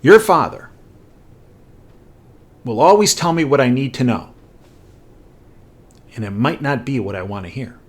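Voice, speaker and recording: Man doing blunt older city mayor, emphatic, lecturing, lively rising and falling pitch, middle-pitched voice. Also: unhurried, long pauses.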